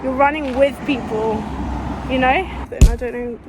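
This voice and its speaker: The recording is very noisy as a high-pitched woman, a fitness vlogger, chats unhurriedly into the phone she carries while running on a street. Her intonation stays fairly even, though she's winded and dry-mouthed, rambling in an earnest way and restarting her thoughts again and again.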